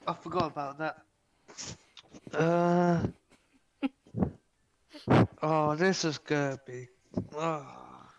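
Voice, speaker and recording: Excitable English male player, unhurried delivery, slightly high voice. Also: vocal fry, highs cut off. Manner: excitable, exclaiming, easily distracted. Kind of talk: casual tabletop play.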